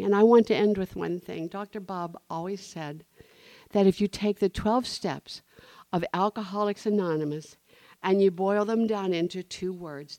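A woman's voice: lowish voice, gravelly, a little mellow, no room sound. A middle-aged woman speaking at a recovery meeting, telling a personal story and acting out the dialogue. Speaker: speaker sharing her story.

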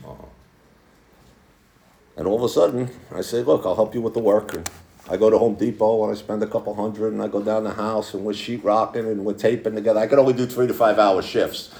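A man in his sixties giving a candid personal testimony to a recovery group, telling his story with halting restarts. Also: fairly low pitch, darkish tone. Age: 60s. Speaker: speaker at a recovery meeting. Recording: echoey room.

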